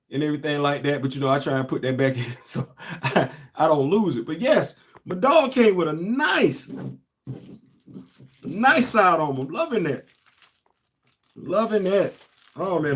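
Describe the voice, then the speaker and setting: A man with a slightly higher voice than most hosts a casual unboxing live stream. He talks straight to his viewers in an easygoing drawl, looping back over his own phrases and letting sentences trail off. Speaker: toy collector vlogger hosting a live stream.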